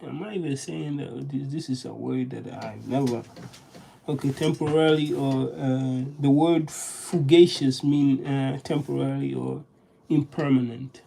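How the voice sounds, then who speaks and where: A person in a casual solo monologue, reading aloud and practicing vocabulary. They talk haltingly, restarting often and sounding out words while thinking aloud. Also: medium pitch, fairly even intonation, creaky, warm tone, slightly rough, low-quality recording.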